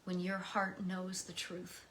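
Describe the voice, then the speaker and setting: An American woman reading poems aloud and talking between them in a soft, slow way, her voice often dropping to a whisper. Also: fairly low pitch, completely flat delivery. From United States. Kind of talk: reflective poetry reading.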